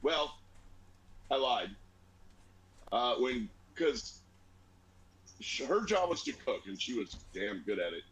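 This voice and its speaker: A man co-hosting a casual chat, telling family stories with lively put-on voices. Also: slow pace, long pauses, low-quality recording. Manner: animated storyteller, squeaky voice for grandma. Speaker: podcast co-host.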